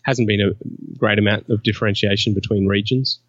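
A man with an Australian accent chatting casually on a podcast, measured and a bit hesitant. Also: on the low side, fairly even intonation, no echo. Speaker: podcast co-host. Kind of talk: casual chat. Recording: dull lo-fi sound.

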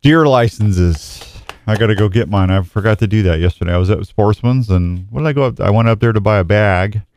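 Casting: low-voiced male radio host, smooth and dry studio sound, laid-back rambling delivery. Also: fairly quick, a little mellow, no room sound. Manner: rambling, self-deprecating, reads reports aloud. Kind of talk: casual outdoors radio talk. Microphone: studio microphone.

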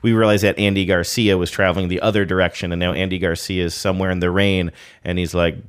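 A man's voice: low voice, flat delivery, fast talker, smooth. A man hosting a casual podcast, rambling and self-deprecating with many fillers. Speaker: podcast host. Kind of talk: casual chat.

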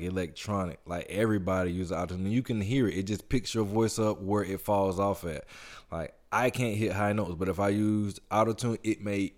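A man in a casual podcast chat, talking in a relaxed, thoughtful way and explaining his views at length. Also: lowish voice.

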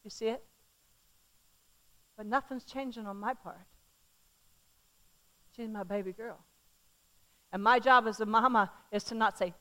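A middle-aged woman preaching a sermon, swinging from loud calls to the crowd down to soft, hushed words. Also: a little high, moderate pace, pauses often. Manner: animated, shifting from loud calls to soft near-whispers.

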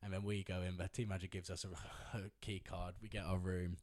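A man's voice: low voice, level tone, fairly quick, a little mellow, a little hiss or hum. A man telling a long rambling anecdote in casual chat, with lots of fillers and laughter. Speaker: storyteller guest.

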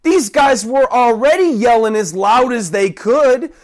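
A preacher giving a sermon, talking conversationally and acting out loud, desperate cries for help. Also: mid-range voice, animated, unhurried. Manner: dramatic, acts out the cries of those he preaches about; conversational, rambling restarts.

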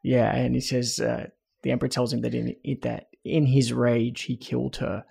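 A man's voice: medium pitch, flat delivery, normal speed, creaky, dark tone, slightly rough. A man co-hosting a casual chat, recapping film scenes in detail with asides and laughs. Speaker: podcast co-host recapping a film.

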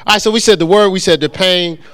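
A man's voice: high voice, fast talker, fairly bright tone, clear, resonant tone, no room sound. A man preaching a sermon, calling out to his congregation for answers and joking with them. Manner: call-and-response, asks congregation to answer; humorous, acts out quoted voices. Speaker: pastor. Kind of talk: interactive sermon teaching.

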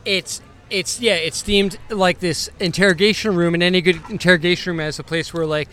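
A man's voice: sits high, fairly even intonation, a little fast, bright, forceful tone. A man hosting a podcast from a restaurant table, chatting casually and rambling with many fillers. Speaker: podcast host. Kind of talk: casual chat.

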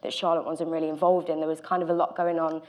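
A woman's voice: deep voice, little pitch movement, fast, a little mellow. A woman actor on a panel, speaking hesitantly with many fillers. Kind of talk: panel discussion.

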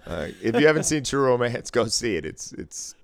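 A man who works a casino floor, chatting casually and telling profane, animated stories full of quoted dialogue. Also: mid-range voice, moderate pace, gravelly, dry recording. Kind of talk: casual podcast chat.

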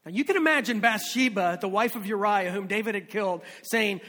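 A man preaching a sermon as a pastor, telling stories and dropping his voice low and quiet for emphasis. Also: brisk, long reverb tail.

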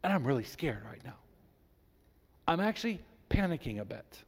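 A man preaching a sermon as a pastor, reading scripture aloud with emphasis and animated delivery. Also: a little high, normal speed, slightly rough. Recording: long reverb in a large hall.

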